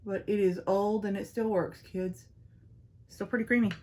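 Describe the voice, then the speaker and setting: A woman's voice: medium pitch, steady tone, normal speed, warm tone. Girl chatting thru her makeup, playful and teasing, says y'all a lot. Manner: playful, self-teasing, talks to viewers as y'all. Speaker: beauty vlogger.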